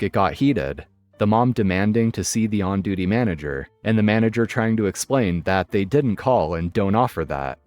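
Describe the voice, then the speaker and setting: A man narrating online stories in a steady, even scripted read, recorded close and dry. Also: fairly low pitch, dry recording. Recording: dry close mic with faint music.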